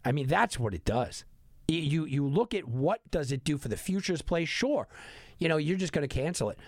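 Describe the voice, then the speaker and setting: A man giving an animated, sarcastic sports betting monologue full of exasperated rhetorical questions. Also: on the high side, moderate pace, no room sound, studio quality.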